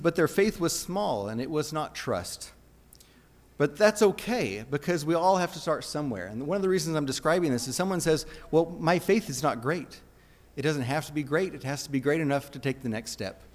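A man with a somewhat high voice preaches a sermon in an earnest, conversational way, often restarting his phrases. His voice carries a long reverb, as in a church sanctuary.

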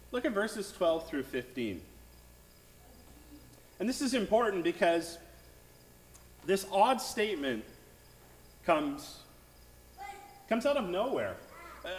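A man, the pastor, preaches in a conversational way with a fairly high, animated voice that rises and falls often. His words ring through a large, reverberant sanctuary. He keeps checking in with the listeners. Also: a little hiss or hum. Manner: conversational preaching with frequent "right?" asides. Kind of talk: sermon. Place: church sanctuary.

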